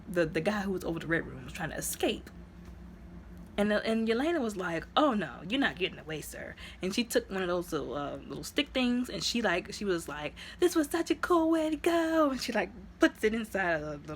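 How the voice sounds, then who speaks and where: A woman's voice: fairly low pitch, fairly bright tone, slight background noise. A woman casually recapping a movie in a chatty, rambling way, dropping to dramatic whispers when she acts out lines. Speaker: movie reviewer.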